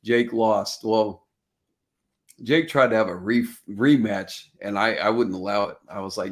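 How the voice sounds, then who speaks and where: A man's voice: lowish voice, a little slow, fairly bright tone. A man from Texas hosting a casual live-stream chat, telling stories with lots of swearing and laughter. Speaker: podcast host. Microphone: video call stream.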